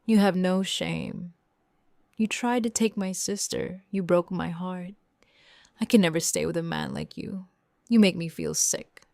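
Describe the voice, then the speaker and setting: Woman reads a contrite older sister, slow and low-pitched, simple plain lines, dry close sound. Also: sing-song, gravelly, darkish tone, no echo, heavily acted. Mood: angry. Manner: short simple sentences, apologetic. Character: remorseful adult woman, protective older sister.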